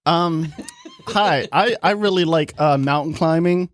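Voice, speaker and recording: A man's voice: a little high, a little slow, no echo. A man improvising an awkward speed-dater with hesitant questions. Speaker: comedian playing dater. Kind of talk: improv comedy.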